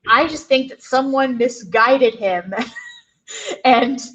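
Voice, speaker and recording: Firm, fairly high-voiced woman co-host. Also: slow pace, a bit bright, poor audio. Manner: opinionated, corrects others firmly. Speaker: podcast co-host. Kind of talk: casual podcast chat.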